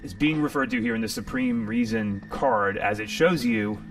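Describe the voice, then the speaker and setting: A man's voice: high voice, huge pitch swings, moderate pace, gravelly, recorded from a distance, soft background music. A man hosting a live tarot reading stream, rambling and jokey, sometimes profane. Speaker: tarot reader and stream host.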